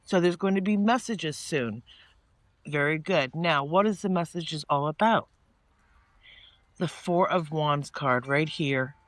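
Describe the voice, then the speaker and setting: A man's voice: on the high side, takes it slowly, dry recording. Chatty man giving a tarot reading. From northeastern United States. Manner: chatty and meandering, with many restarts and asides; animated when quoting people in mock-casual voices. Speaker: tarot reader. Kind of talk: casual spoken tarot reading.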